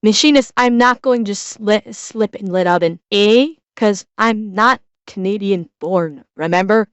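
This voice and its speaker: A woman's voice: medium pitch, a little slow, clear, resonant tone, no echo, muffled recording. A woman from Chicago with a Midwestern American accent, casually chatting with her chat while reacting to a video as a streamer. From Chicago, USA.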